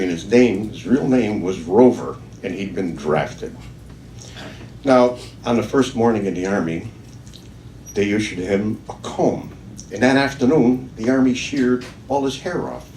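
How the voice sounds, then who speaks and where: A man's voice: mid-range voice, a little mellow, slight background noise. Older man telling stand-up jokes. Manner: storytelling, jokey. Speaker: stand-up comedian. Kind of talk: open-mic stand-up. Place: open-mic venue, room. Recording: echoey room from far off.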